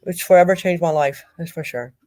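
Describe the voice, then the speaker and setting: A middle-aged woman speaking as a grieving mother in an interview, talking in a halting way and repeating herself. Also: lowish voice, darkish tone. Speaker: guest, mother of a victim. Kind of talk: emotional interview over a call.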